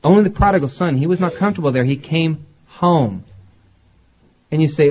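A man preaching a conversational sermon as pastor, talking plainly and then climbing to emphatic, louder peaks. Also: a little high, brisk, husky, lo-fi sound.

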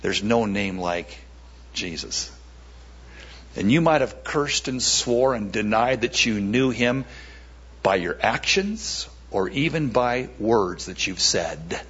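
A man preaching a sermon in a church service and giving an altar call, speaking emphatically with dramatic pauses and repeated words. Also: on the low side, expressive, fairly bright tone, husky, highs cut off.

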